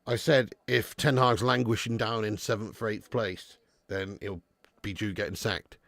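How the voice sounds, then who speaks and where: A man's voice: on the low side, fairly even intonation, moderate pace, vocal fry, fairly bright tone, no room sound. A man hosting a live football watch-along stream, reading out donations and bantering with viewers in a chatty manner with frequent laughs.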